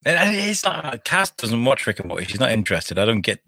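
Bright-voiced man chatting on a podcast. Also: medium pitch, sing-song, quick pace, vocal fry, breathy edge, dry recording. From United Kingdom. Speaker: podcast host. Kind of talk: casual chat.

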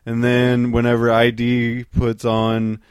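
A man's voice: mid-range voice, completely flat delivery, slow, clean tone, no echo, studio quality. A man co-hosting a podcast, chiming in with wry, profane jokes about his friend's family. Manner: wry, swears freely, riffs on his friend's stories. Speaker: podcast co-host. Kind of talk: casual podcast chat.

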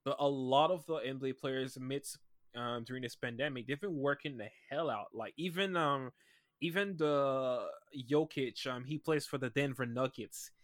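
A man's voice: mid-range voice, normal speed, fairly bright tone, no room sound, clean studio sound. A man co-hosting a casual podcast, speaking earnestly and with emphasis, now and then hesitating. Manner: earnest, emphatic about sports, some hesitant fillers. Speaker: podcast co-host. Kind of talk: casual chat.

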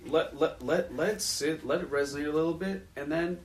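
A man's voice: a little high, fairly quick, crowd noise. A man in a class adding his view to the discussion. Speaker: student.

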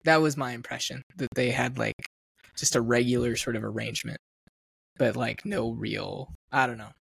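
A man's voice: mid-range voice, fairly even intonation, normal speed, gravelly, a bit bright, breathy edge, no room sound, clean studio sound. A man co-hosting a film podcast, chatting casually with frequent laughs and many "like" fillers. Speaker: podcast co-host.

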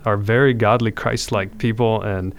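A man's voice: on the low side, steady tone, moderate pace. A man, a podcast guest, telling his conversion story in an earnest, reflective way with frequent restarts.

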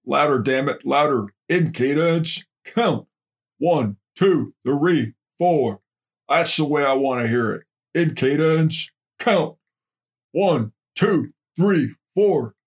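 A man voicing a harsh, profane Marine drill instructor who barks commands at recruits, with a gravelly, husky voice. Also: medium pitch, steady tone, moderate pace. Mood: shouting.

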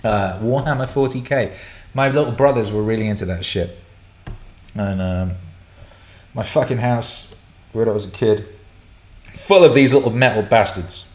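A man's voice: lowish voice, moderate pace, pauses often, darkish tone. Man, middle-aged, sweary livestream host, blunt ranting delivery, echoey room. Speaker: host answering chat questions. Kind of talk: casual livestream Q&A. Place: indoor room. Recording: roomy echo.

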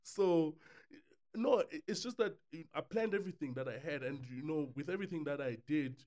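A young South African man, a podcast guest, telling a relaxed story and mixing English with Zulu. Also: a little high, moderate pace. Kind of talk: casual podcast chat.

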